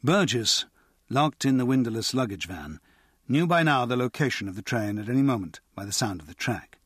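Husky male audiobook narrator. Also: medium pitch, no room sound, clean studio sound. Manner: measured, expressive storytelling.

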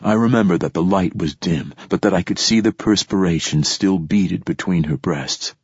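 Deep, very husky male audiobook narrator. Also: moderate pace, few pauses, no room sound, highs cut off. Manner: quiet, intimate first-person reading. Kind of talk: scripted narration.

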